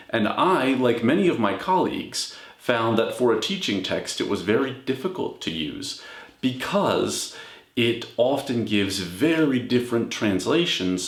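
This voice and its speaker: Man lecturing in an echoey room. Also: fairly low pitch. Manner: measured explanatory delivery with frequent "all right?". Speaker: scholar of religion.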